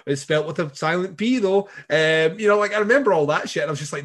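Scottish man, rambling comic podcast chat, slightly high voice, laughs a lot. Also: fast, hardly any pauses. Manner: rambling, animated, laughs often. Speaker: podcast co-host. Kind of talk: casual comedic chat.

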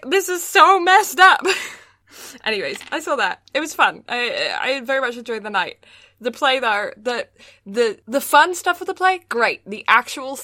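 A woman's voice: a little high, bright, forceful tone, no echo. A young woman co-hosting a casual podcast chat, ranting with lots of fillers and laughs. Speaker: podcast co-host.

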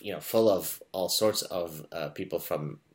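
A middle-aged man from Lebanon hosting a conversational interview, telling animated stories with many fillers and restarts. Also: low-pitched, a little slow. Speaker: podcast host.

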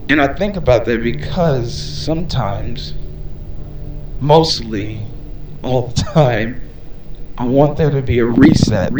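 A man's voice: medium pitch, background noise. A young man hosting a solo podcast, ranting in a rambling way with lots of swearing and fillers. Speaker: podcast host.

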